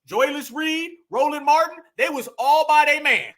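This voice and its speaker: A man's voice: very high-pitched, normal speed, fairly bright tone. Fired-up man preaching a political rant. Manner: preachy, emphatic, repeats phrases for punch, profane. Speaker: political commentary host.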